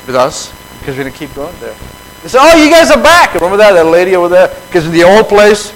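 A man preaching a conversational sermon to his fellowship, switching between quiet reflection and animated acted-out dialogue. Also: fairly high pitch, slight background noise, poor audio.

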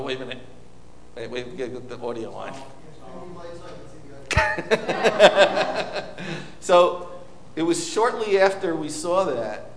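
A medium-pitched man gives an informal, conversational sermon, telling stories to a congregation with many restarts and asides. There's a little hiss or hum, and the hall is echoey with long reverb.

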